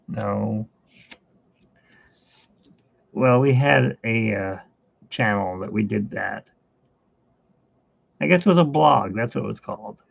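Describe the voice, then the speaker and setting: Man, art-stream host. He chats while he draws. He is slow and rambling, with a husky, gravelly voice, on a dry, tinny line. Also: mid-range voice, dry recording. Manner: rambling, chatty, with fillers and asides. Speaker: artist hosting a live art stream. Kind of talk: casual chat while drawing. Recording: tinny phone-like sound.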